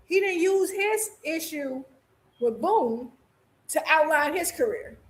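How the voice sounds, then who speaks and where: Woman, boxing panelist, high voice, hesitant, self-correcting. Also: lively intonation, slow pace, poor audio. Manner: hesitant, restarts and corrects herself. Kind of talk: casual boxing debate.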